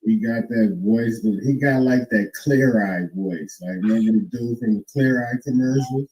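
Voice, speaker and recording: A man's voice: mid-range voice, moderate pace, dark tone, poor audio. A man co-hosting a podcast, talking loosely and hesitantly with slang. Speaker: podcast co-host. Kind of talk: casual chat.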